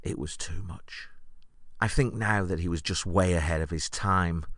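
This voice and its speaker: A man hosting a podcast, recounting an anecdote in a wry, deadpan storytelling monologue. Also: low voice, normal speed, dry recording, clean studio sound. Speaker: podcast host.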